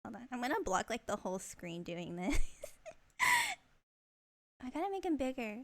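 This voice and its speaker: A young woman streaming a video game live, chatting with viewers in a giggly, excitable way. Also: on the high side, moderate pace.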